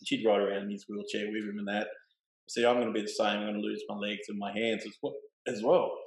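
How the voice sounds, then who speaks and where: A middle-aged man, telling a personal story in a relaxed, plain-spoken way. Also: lowish voice, fairly quick. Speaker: guest. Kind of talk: casual storytelling. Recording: roomy echo.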